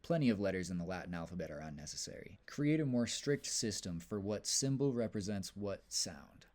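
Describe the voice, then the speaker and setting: A young man giving a class presentation, with wry, deadpan asides. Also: low voice, fairly quick. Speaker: student presenter.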